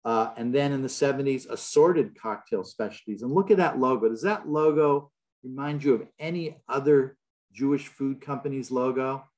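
A man's voice: medium pitch, moderate pace, a little mellow. A man giving an illustrated public lecture in a large hall, telling stories with a wry, joking manner.

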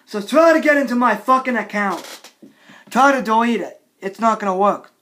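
A man vlogging an angry, repetitive rant, often shouting and scolding. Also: sits high, animated, normal speed.

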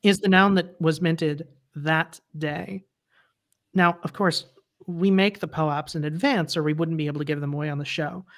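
Woman chatting with a quick laugh. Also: sits low, steady tone. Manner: chatty, laughs often while explaining. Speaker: interview guest. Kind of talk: casual livestream chat.

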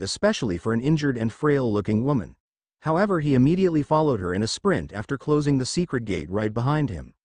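A man's voice: medium pitch, darkish tone, no room sound. A man reading fan fiction aloud as a narrator, telling the story expressively. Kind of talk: scripted fanfic narration.

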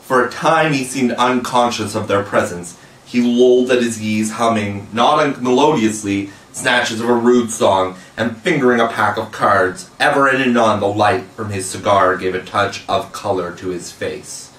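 A man narrating a classic children's novel in a measured, even reading voice, recorded in an echoey room with the mic at a distance. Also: fairly low pitch. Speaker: audiobook reader. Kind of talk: storybook narration.

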